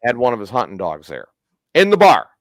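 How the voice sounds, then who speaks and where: Man, podcast host, lively swinging pitch, dry close sound, profane storyteller. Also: fairly quick, no echo. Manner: profane, animated storyteller acting out quotes. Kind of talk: casual storytelling chat.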